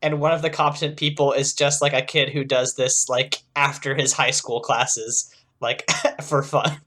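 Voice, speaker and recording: A man's voice: medium pitch, level tone, normal speed, fairly bright tone. A man co-hosting a podcast in casual chat, rambling with many fillers and casual swearing. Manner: rambling, lots of fillers, profane, laughs through lines. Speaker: podcast co-host.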